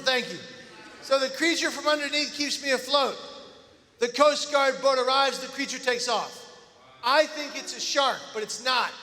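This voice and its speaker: A man giving an energetic, playful chapel talk, rallying the crowd. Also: extremely high pitch, long reverb tail. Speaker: guest speaker.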